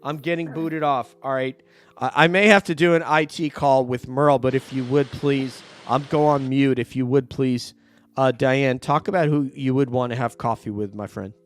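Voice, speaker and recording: A man from New York hosting a casual video call chat, jokey and quick to laugh, often trailing off mid-sentence. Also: mid-range voice, fairly even intonation. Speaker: host.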